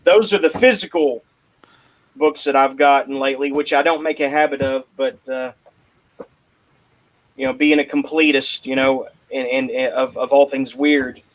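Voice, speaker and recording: A man's voice: mid-range voice, fairly even intonation, moderate pace, rough recording. A man hosting a podcast, rambling in casual chat and joking banter. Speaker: podcast host.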